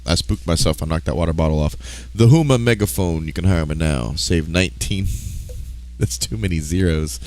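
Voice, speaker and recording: A man's voice: deep voice, moderate pace, a little mellow, soft background music. A man live-streaming a game, chatting casually in a rambling, profane way, stopping to correct himself and laughing often. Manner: restarts and self-corrections mid-sentence. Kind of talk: casual live-stream chat while playing.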